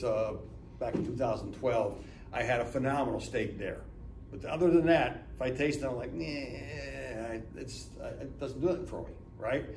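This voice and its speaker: A man's voice: medium pitch, a little mellow, slight background noise. A man in his seventies from Northeast Ohio gives a business talk as a chatty storyteller, acting out dialogue and often asking "right?". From Northeast Ohio, USA. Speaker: guest speaker at a business lunch talk. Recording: echoey room, mic from far off.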